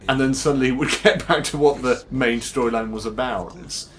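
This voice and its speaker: A man's voice: mid-range voice, a little fast, a crowd in the background. Chatty man doing game commentary. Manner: chatty, enthusiastic, laughs often. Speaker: gameplay commentator. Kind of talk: casual gameplay commentary.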